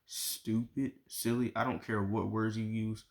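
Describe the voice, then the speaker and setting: A man's voice: lowish voice, flat delivery, moderate pace, close to an everyday voice. A man voicing a caring, protective mother while reading a novel aloud. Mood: concerned.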